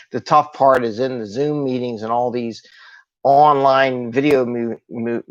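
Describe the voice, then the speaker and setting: A man's voice: mid-range voice, fairly even intonation, measured pace. Guy hosting a live coaching stream, peppy and conversational, kinda dull lo-fi sound. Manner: upbeat, conversational coaching with rhetorical questions. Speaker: host and agile coach. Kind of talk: live solo video talk.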